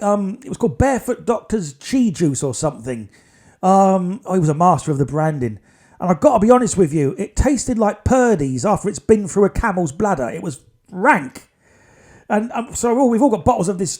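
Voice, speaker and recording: A man with a fairly high voice tells a long story on his podcast. He rambles from one thing to the next in a casual way and keeps dropping dry little asides. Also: a little mellow. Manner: chatty, digressive, wry asides. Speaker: podcast host.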